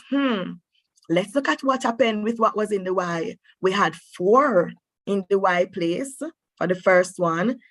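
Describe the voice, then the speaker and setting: A woman's voice: mid-range voice, no room sound. Encouraging woman teaching an online maths class. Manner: encouraging, thinks aloud with drawn-out hmms. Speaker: mathematics teacher.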